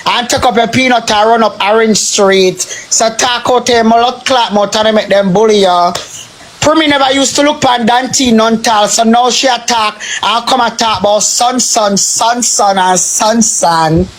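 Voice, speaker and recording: A man's voice: very high voice, normal speed, fairly bright tone. A man with a Jamaican accent doing a heated, repetitive rant on a phone live stream, swearing heavily. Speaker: social media live streamer.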